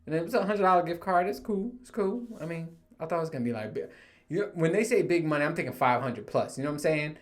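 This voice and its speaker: Racing along in a slightly high, animated voice, this young podcast host delivers a relaxed solo monologue. He swears a lot, laughs frequently, and imitates his coworkers with mocking voices.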